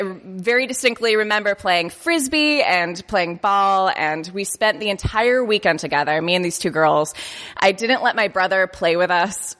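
Woman storyteller, sharp bright voice, self-mocking and tripping over words, recorded in a reverberant hall. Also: mid-range voice. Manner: self-deprecating, stumbles over words and laughs through the telling. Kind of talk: personal anecdote told to an audience.

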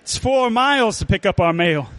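A man voicing a gruff, excitable Dust Bowl farm father with a folksy drawl, reading at a storytelling show. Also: high-pitched, normal speed, dry recording. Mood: proud.

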